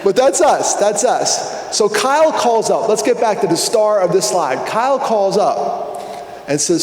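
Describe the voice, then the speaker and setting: A middle-aged man giving a keynote talk at a conference, telling a story with lively energy and acting out both sides of phone calls. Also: sits high, measured pace. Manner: animated, acts out phone dialogues. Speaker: conference speaker. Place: large hall. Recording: echoey hall with long reverb.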